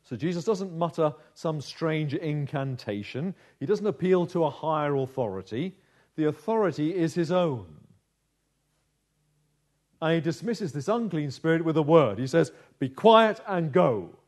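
A male preacher delivering a sermon with dramatic, measured phrasing. He often slows right down to stress a point. His voice sits a little higher than most men's. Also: expressive, darkish tone.

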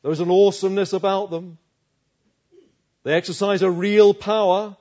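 A male preacher giving an emphatic sermon, swinging from loud declarations to hushed asides. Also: sits high, fairly even intonation, moderate pace, dull audio.

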